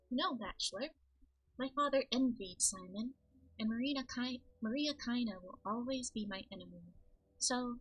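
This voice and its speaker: A woman's voice: fairly high pitch, husky, poor audio. A woman reading the lines of a proud, dutiful young noblewoman from a video game.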